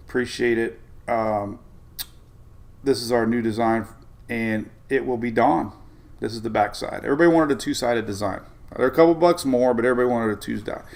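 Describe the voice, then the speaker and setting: A man's voice: mid-range voice, vocal fry. A man hosting a casual weather live stream, rambling and chuckling as he talks through maps. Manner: rambling, chuckling, self-interrupting.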